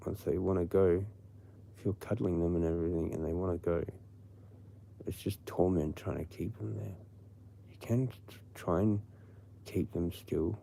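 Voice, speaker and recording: Brief: Australian man, livestream host, low mellow voice, rambling profane rant. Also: steady tone, normal speed, vocal fry, pauses often, a little hiss or hum. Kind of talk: late-night casual rant.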